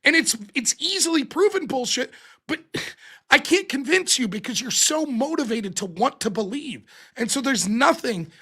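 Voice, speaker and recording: A man hosting a live-streamed political commentary show, ranting in an exasperated, animated and profane way. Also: very high-pitched, normal speed, slightly rough. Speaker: livestream political commentary host.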